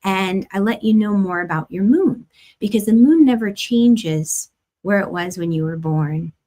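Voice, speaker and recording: A woman hosting an astrology forecast, talking in a chatty, gentle way with lots of "like" fillers and the odd light laugh. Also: medium pitch, measured pace. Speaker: astrologer host. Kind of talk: casual spiritual forecast talk.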